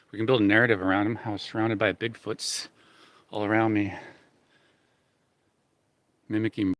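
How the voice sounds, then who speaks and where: A man's voice: on the low side, little pitch movement, moderate pace, pauses often, fairly bright tone, no room sound. A man vlogging outdoors in a forest, talking casually and rambling with lots of fillers. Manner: rambling, easygoing, many fillers.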